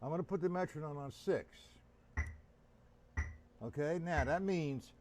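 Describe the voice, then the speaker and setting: A man's voice: on the high side, measured pace, background noise. A man teaching drums on a live stream, counting beats aloud and talking casually to his viewers. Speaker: drum teacher. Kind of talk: live-streamed drum lesson. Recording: drum kit loud behind voice. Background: drums and metronome.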